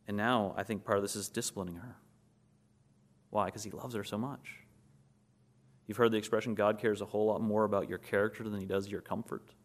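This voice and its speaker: A man's voice: lowish voice, fairly even intonation, a little fast, pauses often. A man preaching a sermon, asking rhetorical questions and building to emphatic peaks. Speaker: pastor.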